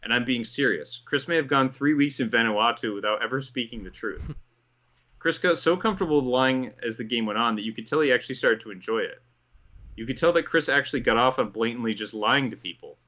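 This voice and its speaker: A man's voice: mid-range voice, a little fast, pushed and bright. A man hosting a commentary show, reading a script in an amused tone and laughing through his lines. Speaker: host.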